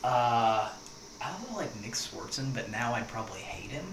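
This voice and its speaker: A man's voice: mid-range voice, normal speed. A young man hosting a casual podcast chat, telling stories and acting out the quotes. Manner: animated storyteller, acts out quotes. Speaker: podcast host. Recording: echoey room with noise.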